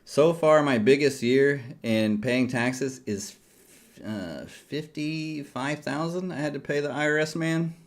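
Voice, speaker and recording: Talking straight to his livestream audience, this middle-aged futures trader rambles and jokes, often at his own expense. He speaks slowly, with a medium-pitched voice.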